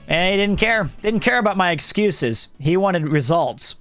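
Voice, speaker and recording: Male streamer, high bright voice, loud and projecting, casual chat over faint music. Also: normal speed, few pauses. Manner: loud, projecting, animated talker.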